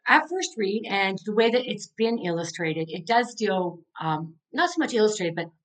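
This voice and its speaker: Poor audio captures a very animated middle-aged woman with a medium-pitched voice, moving at a moderate pace. An author and coach, she's a guest in a casual podcast interview, sincere and heartfelt, and she leans heavily on "like" as filler.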